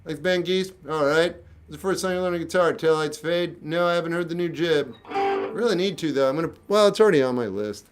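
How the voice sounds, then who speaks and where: Male streamer, casual deadpan chat, slightly raised voice. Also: fairly high pitch, a little fast, soft background music. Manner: dry, offhand, jokey replies to comments. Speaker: livestreamer musician answering chat.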